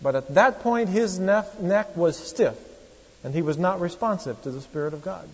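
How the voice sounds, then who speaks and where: A pastor, preaching a sermon in a storytelling, conversational manner with wry asides to the congregation. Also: male voice, high voice, moderate pace, breathy edge. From Oregon, USA. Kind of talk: sermon with anecdotes. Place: church. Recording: echoey church hall, dull lo-fi sound.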